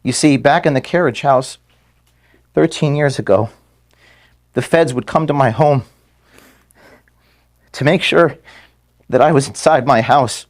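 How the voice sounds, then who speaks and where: A man on the edge of tears addresses his staff one last time from an office room, faltering, repeating words, and apologizing for the emotion. He has a mid-range voice.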